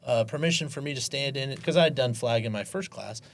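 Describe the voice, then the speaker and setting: A man trades academy memories in a relaxed podcast chat. He laughs often and bursts into animated quoted lines. His voice sits in a middle pitch. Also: fast talker. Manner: laughs while telling stories, animated quoting. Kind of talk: casual storytelling chat.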